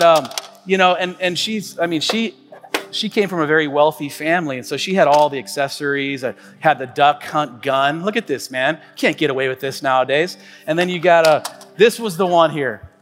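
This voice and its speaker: A man in his forties, a pastor delivering a sermon in a relaxed storytelling way, full of fillers and restarts. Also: a little high, moderate pace, big-room sound, faint music behind. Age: 40s. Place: church stage.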